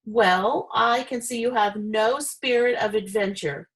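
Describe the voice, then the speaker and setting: Storybook farmer, read by a woman: gruff, loud, blustering man, gravelly. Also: high voice, sing-song, measured pace, pitched above the performer's own voice, heavily acted. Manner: yelling, gruff.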